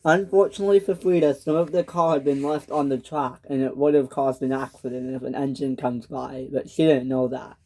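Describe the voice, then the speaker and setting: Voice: mid-range voice, steady tone, fairly quick, few pauses, dark tone. A narrator telling a toy train story in a dramatic storytelling style, switching into character voices. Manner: dramatic, breaks into character voices and sound effects.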